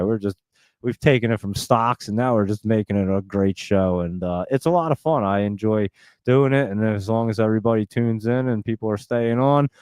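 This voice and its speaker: A man hosting a live stock-market stream, talking very fast in a chatty, rambling way and laughing often. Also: fairly low pitch, darkish tone, clean tone, no room sound. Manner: talks extremely fast and nonstop. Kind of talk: casual live-stream chat.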